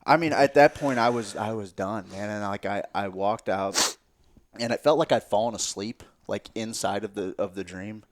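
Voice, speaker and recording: A man telling a story as a podcast guest in casual, animated talk, swearing freely and sometimes dropping to a near-whisper. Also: lowish voice, normal speed, a little hiss or hum.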